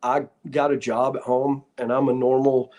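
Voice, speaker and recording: A man's voice: mid-range voice, level tone, normal speed, a little mellow. An older man, a guest and former referee, casually telling stories in an easygoing way with frequent chuckles. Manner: easygoing, chuckling, peppers talk with "man" and "dude". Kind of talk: casual storytelling.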